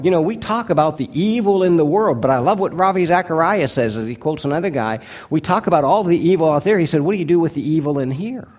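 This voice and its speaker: A male pastor preaching a sermon, earnest and deliberate, slowing down to stress key words and dropping to a hushed tone for his appeals. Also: medium pitch.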